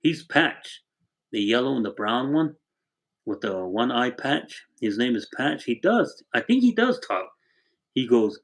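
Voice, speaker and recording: A man's voice: medium pitch, very animated, a little slow, low-quality recording. An older man from Arizona hosting a casual livestream from his home, reading out viewers' names and telling rambling stories. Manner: rambling, warm storytelling, thanks viewers by name. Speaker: livestream host. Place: home with a wood stove.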